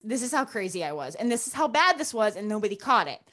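A woman guest telling a personal story in casual talk, animated and full of "like" fillers, acting out the voices of people she quotes. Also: mid-range voice, fast. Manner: chatty, frequent "like" fillers. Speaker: podcast guest.

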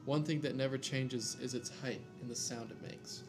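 A man's voice: medium pitch, fairly even intonation, moderate pace. A man casually reading a scary story aloud, cracking jokes and tripping over names, with faint music behind. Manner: reads aloud with jokey asides and stumbles over names.

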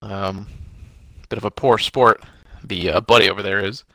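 A man's voice: on the low side, steady tone, normal speed, creaky, pushed and bright, no room sound. A young man co-hosting a podcast from home, rambling and swearing in casual chat. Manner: swearing, laid-back rambling. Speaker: podcast co-host.

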